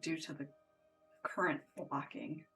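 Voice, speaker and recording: A player talking through plans slowly and hesitantly at a tabletop game. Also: medium pitch, steady tone, fairly bright tone, distant mic, soft background music. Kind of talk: casual tabletop play.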